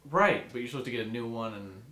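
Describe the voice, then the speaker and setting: A man's voice: medium pitch, animated, fast talker, sharp tone. A man who puts short questions and interjections to a storyteller, heard from off mic. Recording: echoey room, off mic.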